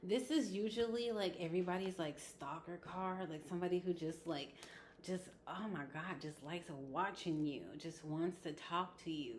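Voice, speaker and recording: A woman's voice: on the low side, a little mellow, slight background noise. A woman giving a casual tarot reading, chatty and blunt, with frequent laughs and swearing. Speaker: tarot reader.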